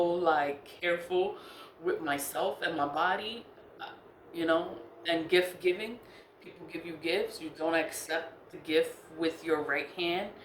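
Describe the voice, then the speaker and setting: A woman with a low-set voice talks in a blunt, casual monologue, swearing freely and saying things twice to hammer them home. The recording is echoey, as if in a bare room, with a faint hiss of background noise behind her. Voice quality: profane, blunt, repeats herself for emphasis. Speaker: spiritual practitioner telling a personal story.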